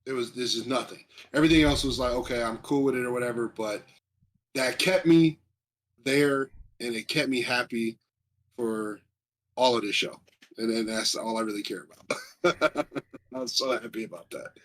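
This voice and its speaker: Excited rambling male streamer. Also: mid-range voice, moderate pace. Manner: excited, rambling, reads chat aloud. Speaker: stream co-host. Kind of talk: casual chat about video game awards.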